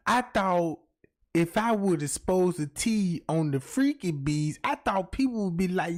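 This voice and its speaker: A man's voice: sits high, a little slow. A man hosting a comedic livestream, talking to his chat in a swearing, slangy rant. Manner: animated, swearing, slangy, keeps asking the chat. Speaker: livestream host.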